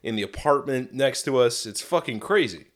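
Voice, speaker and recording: Animated, swearing young man in casual chat. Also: mid-range voice, moderate pace. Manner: animated, swears often, acts out quoted voices. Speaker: podcast co-host.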